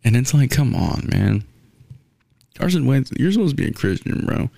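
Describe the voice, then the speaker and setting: A man's voice: big pitch swings, moderate pace, dark tone, no room sound, clean studio sound. A man giving a blunt, profane, rambling sports rant in casual talk, full of restarts. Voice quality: gravelly, low.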